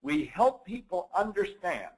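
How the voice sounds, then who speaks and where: An older man lectures on a seminar stage in a measured, emphatic way. His voice is somewhat high for a man and swoops through a lively range. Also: rough recording. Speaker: motivational speaker. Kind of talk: motivational seminar talk.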